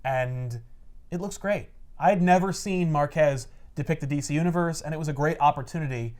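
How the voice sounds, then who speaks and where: A man hosting a casual podcast, telling a comic book story in an animated, offhand way with casual swearing. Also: a little high, brisk.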